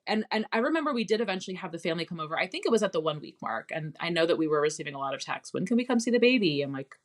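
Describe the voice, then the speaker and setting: A woman's voice: low voice, very fast. A woman in her thirties hosting a podcast in casual chat, speaking reflectively and thoughtfully. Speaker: podcast host.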